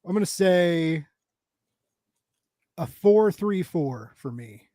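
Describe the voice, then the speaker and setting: A man's voice: sits high, lively intonation, slow, mellow, no echo, clean studio sound. A man in his thirties from the United States, rambling casually with lots of fillers, restarts and laughs as a podcast co-host. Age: 30s. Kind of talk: casual chat.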